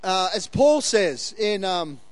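A male pastor delivers a sermon in a very high voice, talking casually and animatedly and laughing often. He acts out the quoted lines as he goes. The sound is dry and close. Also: sing-song, slow, dry recording.

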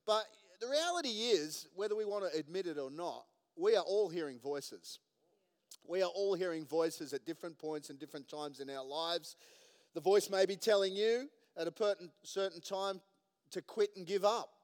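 A man's voice: high voice, moderate pace, smooth. A man preaching a sermon as pastor, joking and laughing at his own jokes. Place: church hall. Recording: long hall reverb.

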